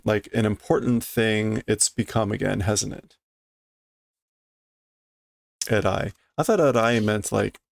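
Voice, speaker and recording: A man reading a manga aloud and translating it line by line, hesitant and self-correcting as he thinks out loud. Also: lowish voice, vocal fry, dry recording. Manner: hesitant, self-correcting, muttering through guesses.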